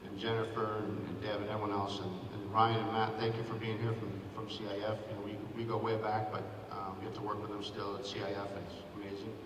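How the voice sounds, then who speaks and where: A man's voice: fairly low pitch, monotone, quick pace, hardly any pauses, noisy background. Man speaking from far off in an echoey gym. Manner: sentimental, thanking many people by name. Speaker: hall of fame honoree, former athletic director. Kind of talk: acceptance speech. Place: school gym at a ceremony.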